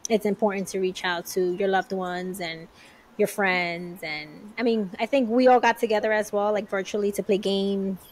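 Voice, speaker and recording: A woman's voice: mid-range voice, fairly even intonation, moderate pace, poor audio. A woman co-hosting a podcast, chatting casually and laughing easily. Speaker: podcast co-host. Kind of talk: casual conversation.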